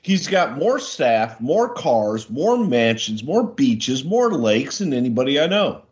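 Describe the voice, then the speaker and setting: A man co-hosting a podcast in casual chat, playful and animated, happy to tell a long joke. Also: mid-range voice, slow. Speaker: podcast co-host.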